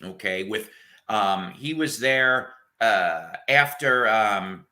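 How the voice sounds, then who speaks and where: A man's voice: on the low side, lively intonation, slow pace, sharp tone. A man hosting a casual chat show, rambling enthusiastically about old records and bands and swearing now and then. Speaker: host.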